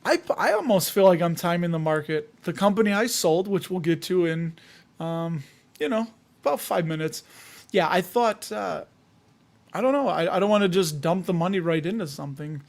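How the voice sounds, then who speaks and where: A man from the Chicago area hosting a casual livestream, reading viewer comments in a jokey, rambling way with frequent chuckles. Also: a little high.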